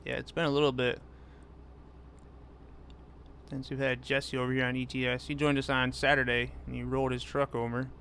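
A man's voice: medium pitch, flat delivery, fast, fairly bright tone, slight background noise. Laid-back man streaming a truck game. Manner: laid-back, reads chat aloud and answers viewers. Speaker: gaming streamer. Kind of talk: casual live-stream chat while driving.

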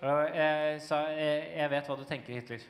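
A man's voice: fairly high pitch, steady tone, moderate pace. A man interpreting a sermon live, closely echoing the preacher's emotion with small slips and fillers. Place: large church hall.

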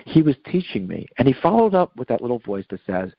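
A man's voice: mid-range voice, big pitch swings, fast talker, creaky, husky, dry recording. A man sharing a personal faith testimony as a radio guest, rambling with many fillers and restarts. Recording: muffled radio studio audio.

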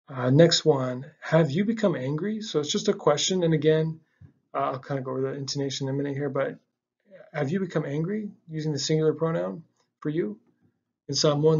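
A man giving a casual language lesson, relaxed, with frequent ums and uhs, repeating words slowly for learners. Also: a little high, vocal fry, slightly rough, muffled recording. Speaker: language teacher.

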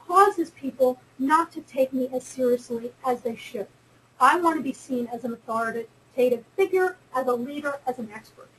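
A woman's voice: sits high, fairly bright tone, a little hiss or hum, low-quality recording. An earnest woman giving a webinar talk on careers in science, stressing her points and repeating them. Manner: earnest, emphatic and repetitive, with some restarts. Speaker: webinar speaker on careers in geoscience. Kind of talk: instructive talk.

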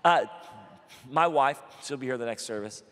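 A male pastor telling a funny personal story in a sermon, animated and self-deprecating, with quick asides. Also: mid-range voice. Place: church auditorium. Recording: large hall with long reverb.

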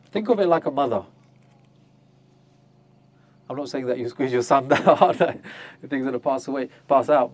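A man's voice: mid-range voice, a little mellow, no echo. Man teaching, quizzing his audience. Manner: questions the audience, acts out voices of mothers. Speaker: Islamic teacher. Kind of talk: interactive religious lecture. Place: on a group pilgrimage tour.

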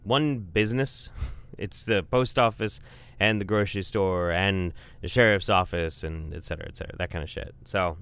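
A man tells a rambling, profane comic story in a casual, offhand way, stopping for plenty of "um"s and "uh"s. His voice is fairly low, with a smooth, clean tone. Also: normal speed, fairly bright tone.

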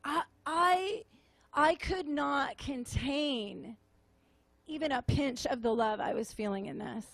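A woman preacher with a high voice shares a tender testimony in a slow, halting way. She often trails off and repeats her words as if close to tears. Her voice sounds close and dry. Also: gravelly, a bit bright, dry recording. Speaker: prophetic minister. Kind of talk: emotional sermon testimony. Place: meeting room with audience.

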